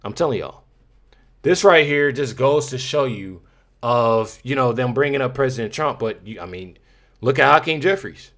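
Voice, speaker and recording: A man's voice: medium pitch, expressive, normal speed, a bit bright. Male YouTube commentator, casual and emphatic, repeats points, talks straight to viewers. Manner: repetitive, emphatic, addresses viewers as y'all.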